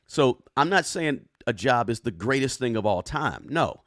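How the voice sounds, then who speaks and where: In a clean, dry studio recording, a man with a mid-range, sing-song voice and a fairly bright tone talks at a normal speed. He's hosting a personal finance livestream, speaking casually while reading viewer comments out loud and often appending "right?"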